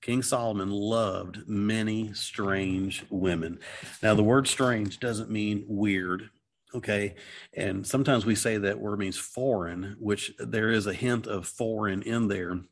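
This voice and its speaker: A man's voice: lowish voice, fairly even intonation, measured pace, slight background noise. A middle-aged man talking through a Bible passage in casual discussion, earnest and rambling, with many restarts and "okay"s. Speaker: Christian teacher.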